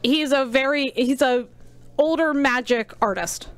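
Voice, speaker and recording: A woman's voice: high-pitched, unhurried, clear, resonant tone. A woman commentating casually on a card game stream, chatty and rambling with frequent ums.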